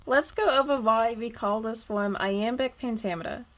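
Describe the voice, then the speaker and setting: A young woman in her twenties narrates a poetry lesson in a fairly high, light voice. She speaks clearly and deliberately from a script. She slows right down whenever she marks where a syllable is stressed. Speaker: student teaching poetry.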